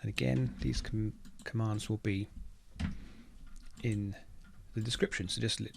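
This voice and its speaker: A man talks through a computer setup in an easygoing, thinking-aloud way. His voice sits low with a gravelly edge. Faint hiss and keyboard clicks sit under him. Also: a little slow. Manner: relaxed, thinking aloud while typing. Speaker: automation engineer teaching a tech tutorial. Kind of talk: casual screen-recorded walkthrough.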